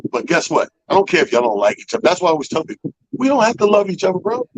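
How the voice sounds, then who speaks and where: Racing along in a high voice over background noise, a male radio talk show host who organizes comedy shows tells a profane story. He's an animated storyteller, voicing other people's lines in a relaxed, chatty way.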